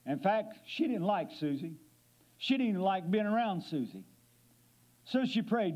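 A man preaching a sermon from a church pulpit, his voice sitting high for a man. He slows down on the scripture lines and drops into quiet, low passages for effect. The church recording sounds dull and muffled. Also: very animated. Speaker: guest preacher. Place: church sanctuary.

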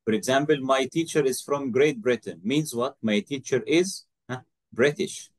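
A man's voice: medium pitch, normal speed. A man teaching an online English lesson, patiently prompting a student and confirming each answer.

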